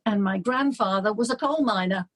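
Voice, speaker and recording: An older woman from England, a guest in an interview, chatting warmly and laughing as she tells stories. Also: medium pitch, moderate pace, slightly rough. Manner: warm, laughing, storytelling. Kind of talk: casual chat.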